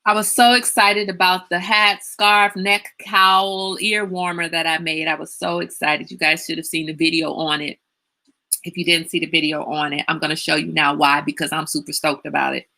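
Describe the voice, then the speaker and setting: A woman's voice: sits low, little pitch movement, moderate pace, gravelly, bright, forceful tone. A woman hosting a casual livestream, chatting and telling stories with lots of animation and laughter. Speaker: livestream host. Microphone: webcam or phone on a live stream.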